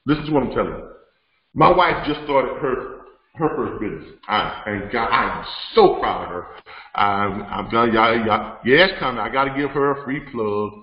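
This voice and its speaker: A man's voice: medium pitch, normal speed. A middle-aged man, hosting a live webinar Q&A in a conversational way, repeating words and laughing often. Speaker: host. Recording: roomy, dull lo-fi sound.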